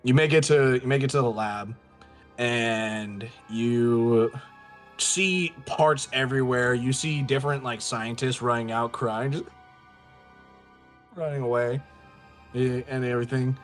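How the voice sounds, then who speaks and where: A male game master describing scenes in a loose, meandering way, full of "like" and "you know". His voice sits at an ordinary middle pitch, with faint music playing underneath. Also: unhurried. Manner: loose, rambling, lots of fillers. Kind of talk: narrating a tabletop game.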